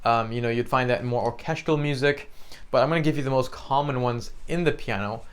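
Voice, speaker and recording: A man's voice: mid-range voice, a little fast, smooth. A young man teaching a beginner piano lesson in a casual, chatty way, often checking in with the listener and singing out the examples. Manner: chatty, explains with many "right?" and "you know", sings examples.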